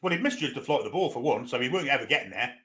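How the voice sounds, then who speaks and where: A man's voice: mid-range voice, lively intonation, rapid-fire, a bit bright. A man co-commentating a match for fans, blunt and sweary, laughing often. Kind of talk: fan watchalong banter.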